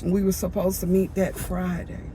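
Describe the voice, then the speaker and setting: A woman giving a personal spiritual testimony, talking in a halting way and repeating phrases as she goes. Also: lowish voice, monotone, dark tone, a little hiss or hum. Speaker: vlogger.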